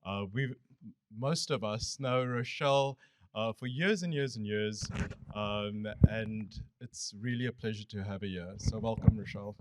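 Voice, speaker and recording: A man's voice: on the low side, a little slow. A man hosting a conference, introducing the next speaker in a hesitant way with many fillers. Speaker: conference host.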